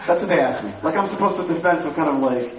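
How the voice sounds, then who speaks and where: A man telling stories to a live audience, animated, repeating phrases and quizzing the crowd. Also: a little high, fast. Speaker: speaker addressing an audience. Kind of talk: lively storytelling talk. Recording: echoey room, far from the mic, faint hiss.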